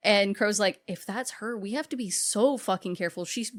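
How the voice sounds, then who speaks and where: A woman co-hosting a podcast, casually recapping a horror film and acting out characters' lines in quick quotes. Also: medium pitch. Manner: retells scenes in quick acted-out quotes, swears casually. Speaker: podcast co-host. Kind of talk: casual movie recap chat.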